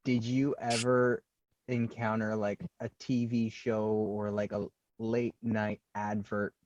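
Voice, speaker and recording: A man from Toronto hosting a casual podcast interview, relaxed and jokey, recorded on a dull, dry lo-fi mic. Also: on the low side, slow. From Toronto, Canada. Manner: relaxed, jokey, affirming with "mm-hmm". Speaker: podcast host.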